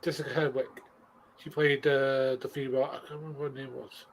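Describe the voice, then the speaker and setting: A man's voice: medium pitch, level tone, brisk, slight background noise, poor audio. A man co-hosting a casual movie review chat, stammering and blunt. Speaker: podcast co-host.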